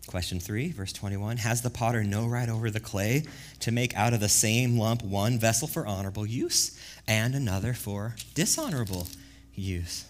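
A man preaching a sermon as pastor, casual and slangy, moving from quiet reflection to loud, emphatic bursts. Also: fairly low pitch, animated, normal speed.

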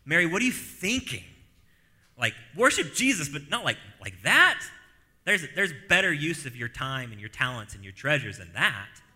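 A man's voice: on the high side, big pitch swings, moderate pace, sharp tone, big-room sound, pitched above the performer's own voice, heavily acted. A man voicing indignant male disciples who chide a woman, in an exasperated way. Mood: scolding. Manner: exasperated, chiding.

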